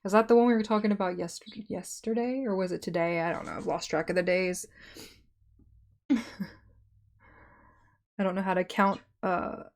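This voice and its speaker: A young woman streamer hosting writing sprints, talking softly and chatting casually with her viewers. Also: medium pitch, fairly even intonation, normal speed, pauses often. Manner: soft-spoken, chatty, friendly with chat.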